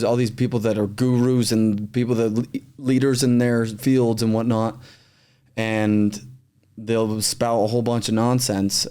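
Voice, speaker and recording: A man's voice: mid-range voice, mellow, clear, resonant tone. A man hosting a casual podcast conversation, talking in an earnest, conversational way.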